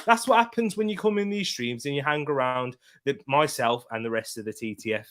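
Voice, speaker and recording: A young man talks casually into his home stream, tired but still chatty. His voice sits at a middle pitch as he gives slangy shout-outs and reads out comments from his viewers. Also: fairly quick, very noisy. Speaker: football watchalong streamer. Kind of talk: casual live-stream chat.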